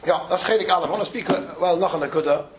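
A man's voice: high voice, racing, low-quality recording. A man giving an informal Torah lecture, talking in a conversational way, mixing Yiddish and Hebrew terms into his English and acting out the voices in the stories he retells. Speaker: rabbi giving a Torah talk.

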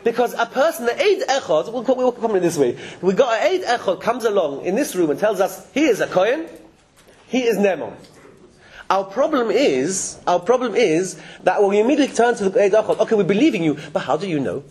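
Animated man teaching a live class. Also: high-pitched, fairly quick. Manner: animated, chuckling, with frequent restarts. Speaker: religious teacher. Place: classroom with listeners.

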